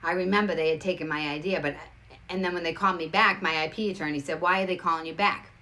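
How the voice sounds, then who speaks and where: A woman's voice: lowish voice, fairly even intonation, sharp tone. A woman telling a personal story straight to camera, emphatic and full of restarts. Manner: rapid, emphatic, restarts a lot. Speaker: show host.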